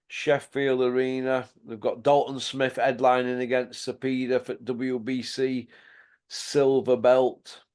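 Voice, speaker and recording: A man's voice: medium pitch, darkish tone, smooth. A man hosting a casual boxing chat, blunt and sweary, laughing often. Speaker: host.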